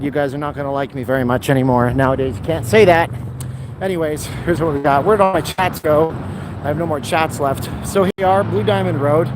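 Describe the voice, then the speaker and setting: A man live-streaming a walking vlog outdoors along busy roads, chatting in a rambling way with sarcastic asides, on a handheld phone. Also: a little high. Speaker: vlogger. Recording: outdoor street with traffic noise.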